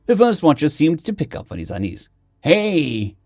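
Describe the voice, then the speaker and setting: A man narrates a fiction story with expressive, animated delivery. His pitch moves lively through each sentence. The recording is close to the mic and dry. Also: fast, no echo.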